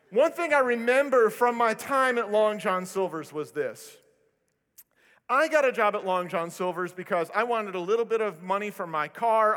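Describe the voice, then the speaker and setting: High-voiced animated male preacher. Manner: animated storytelling with self-deprecating humor. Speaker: pastor. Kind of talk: sermon with storytelling. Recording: long reverb of a large hall.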